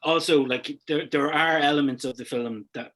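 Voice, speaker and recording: A man's voice: on the high side, fairly even intonation, normal speed, fairly bright tone. A man co-hosting a casual film podcast over a video call, rambling with many fillers and restarts. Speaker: podcast co-host.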